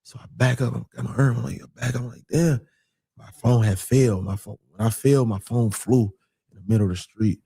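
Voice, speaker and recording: Gravelly-voiced man telling a story. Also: medium pitch, brisk, dry recording. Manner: animated, acts out quoted voices, repeats phrases. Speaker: guest telling a personal story. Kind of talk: casual storytelling.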